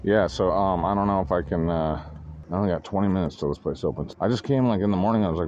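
A man's voice: sits low, fast, darkish tone, lo-fi sound. A man casually rambling and swearing while walking outdoors, vlogging on a phone. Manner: rambling, profane, talks to himself while walking. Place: outdoors on streets.

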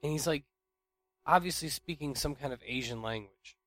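A young man casually rambling through an anecdote, restarting sentences and swinging between loud bursts and near mumbles. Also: on the high side, moderate pace, no echo, clean studio sound. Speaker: storyteller.

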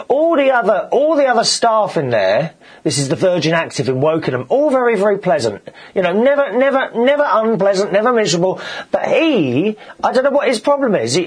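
A man hosting a show, telling gossipy stories in a casual, animated monologue. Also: sits high, slightly rough. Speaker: show host.

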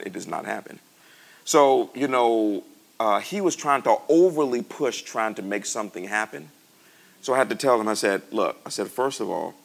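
A pastor from the United States tells a story in a sermon, his voice low and gravelly. He often breaks into high, loud bursts of excitement before settling back down. The telling is animated and conversational, addressed to a congregation.

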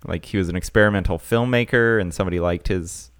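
A man's voice: sits low, fast talker, clear, resonant tone, no room sound, clean studio sound. A young man co-hosting a casual comedy podcast, joking and rambling through stories. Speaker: podcast co-host.

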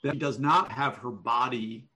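A man giving one-on-one manuscript feedback over an online call, explaining deliberately and thinking aloud. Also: mid-range voice, bright, forceful tone. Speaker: writing coach.

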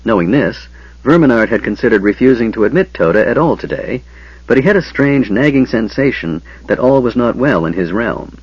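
A man narrating a fantasy novel as an audiobook reader, with expressive, varied delivery. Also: medium pitch, a little fast, slightly rough, dry recording. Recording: dull lo-fi audio, dry.

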